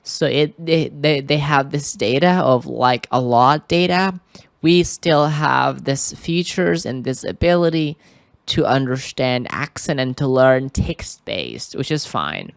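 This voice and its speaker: A man walks through an English lesson at an unhurried, drawn-out pace, pausing often and checking in with "okay?". His voice sits at an ordinary middle pitch. The sound is dry and close, recorded indoors at a computer. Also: vocal fry, smooth, no echo. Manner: hesitant, keeps checking in with "okay?". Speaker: English teacher. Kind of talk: screen-recorded tutorial.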